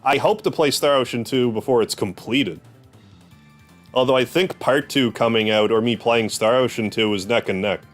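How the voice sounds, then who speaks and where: A man's voice: mid-range voice, normal speed, faint music behind. A man streaming a video game, joking and rambling through casual commentary. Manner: joking, self-deprecating asides.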